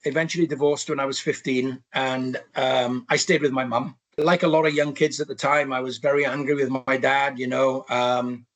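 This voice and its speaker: A man's voice: medium pitch, little pitch movement, moderate pace, few pauses. A Welsh man in his sixties, a podcast guest telling his life story in a rambling way, full of restarts and asides. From Wales. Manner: rambling, many restarts and "you know".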